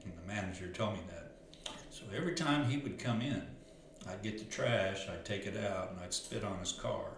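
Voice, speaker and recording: Male life coach, lowish voice, earnest and rambling, very echoey room with faint hiss. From Arkansas. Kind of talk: casual storytelling monologue.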